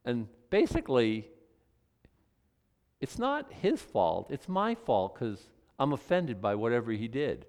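A man's voice: mid-range voice, big pitch swings, unhurried, clean tone. A man preaching, reading scripture aloud and then breaking into joking, conversational comments and mock apologies. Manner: acts out mock apologies in voices. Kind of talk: Bible teaching with casual asides.

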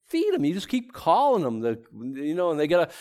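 A man speaking as a pastor in an animated, emphatic way. His voice sits a little high and swings widely, jumping up on the points he stresses. Between those points he talks loosely, with plenty of "you know" and "like.". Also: a little fast. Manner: animated and emphatic, many fillers, pitch leaping on key points. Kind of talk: casual, heartfelt church talk.

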